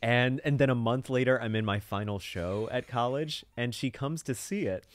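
A man's voice: medium pitch, normal speed, no room sound. A young man co-hosting a podcast, telling a rambling, playful story in casual chat. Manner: rambling, playful, prone to asides. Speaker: podcast co-host. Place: recording studio or room.

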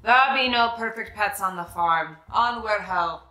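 A woman's voice: medium pitch, normal speed, lightly acted. A woman doing a blustery pirate captain. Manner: salty pirate talk. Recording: echoey room, soft music behind.

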